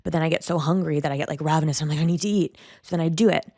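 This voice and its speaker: A woman's voice: low voice, steady tone, very fast, darkish tone, no room sound, clean studio sound. A young woman vlogging a candid, rambling personal monologue, full of "like" fillers. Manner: rambling, frequent "like" fillers, self-critical venting.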